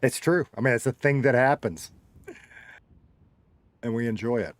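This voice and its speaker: A middle-aged man with a Southern drawl talks casually to his viewers, rambling and joking through old stories. His voice sits at an ordinary middle pitch. The sound is dry and close, with no room echo. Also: normal speed. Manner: joking, rambling storyteller who slides his drawl heavier or lighter. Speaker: streamer reading chat. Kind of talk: casual chat with a live audience.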